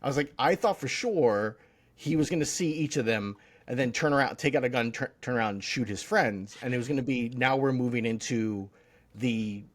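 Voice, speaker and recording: A man's voice: medium pitch, a little fast. Rambling man chatting about TV. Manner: rambling, jokey, full of restarts and mocking quoted voices. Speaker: podcast co-host. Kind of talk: casual chat about TV.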